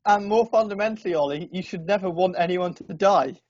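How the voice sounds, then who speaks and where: A young man with a noticeably high voice, bantering in a dry, teasing way. The studio sound is dead and a little dull. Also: a little fast, darkish tone, no echo. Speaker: podcast co-host. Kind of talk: casual student radio chat.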